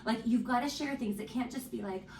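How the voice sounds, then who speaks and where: A woman's voice: a little high, fairly quick, a little hiss or hum. Rambling woman podcast co-host. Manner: rambling, laughs easily, many fillers. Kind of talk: casual chat. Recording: echoey room, far from mic.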